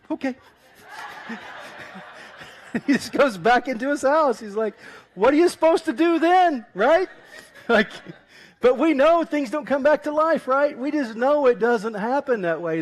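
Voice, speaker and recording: Man, pastor, high-pitched, lively sermon storytelling, church. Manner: animated storytelling, laughing often.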